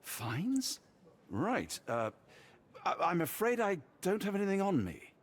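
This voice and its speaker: An actor playing a calm detective in disguise in a video game, talking his way out of trouble smoothly. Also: high voice, takes it slowly, heavily acted. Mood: evasive. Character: cool, evasive detective posing as drunk. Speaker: game character.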